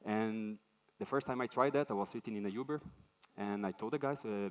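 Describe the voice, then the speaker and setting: Conference speaker: a man, animated, acts out voices in his anecdotes. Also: lowish voice, fairly quick, clear, resonant tone. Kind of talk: conference talk.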